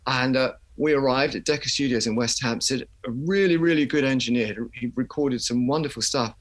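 A man's voice: mid-range voice, fairly quick. An older man, a musician guest, telling chatty anecdotes in an interview and laughing as he goes. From England.

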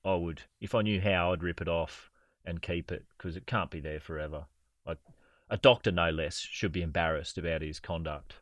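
A man's voice: low-pitched, moderate pace, dry recording. A man, co-hosting a podcast and telling stories in a dry, sardonic way. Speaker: podcast co-host. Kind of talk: casual comedy chat.

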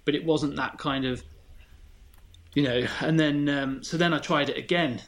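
A man's voice: on the high side, fairly even intonation, normal speed. A man, a podcast guest chatting casually and telling candid, self-deprecating stories. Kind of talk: casual chat.

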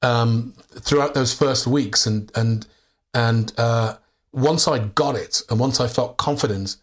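A man's voice: mid-range voice, slow pace. An English actor, a man, telling anecdotes as a guest in a candid interview, restarting sentences and laughing often. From England. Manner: animated storyteller, many restarts and laughs.

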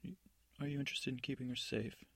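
A man voicing a sly, scheming female fairy godmother witch in a hushed bedtime story, coaxing and soft. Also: mid-range voice, fast talker, gravelly, breathy edge, dry recording.

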